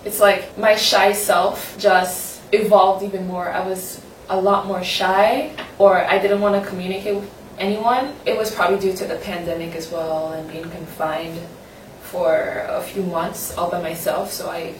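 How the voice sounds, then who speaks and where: Her voice is fairly low and steady, a little slow, recorded from a distance with a little hiss or hum. The young woman, from Saint-Martin, talks in a candid, rambling, self-conscious personal vlog in a roomy space with echo and faint ambience.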